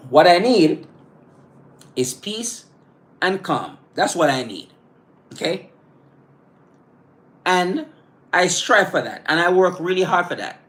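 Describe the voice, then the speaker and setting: A man's voice: high voice, very animated, slow, pauses often, a bit bright. A man talking to his live-stream audience about positive self-talk. He speaks earnestly and bluntly, often restarting and repeating words, and breaks off to greet viewers by name. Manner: blunt, casual phrasing.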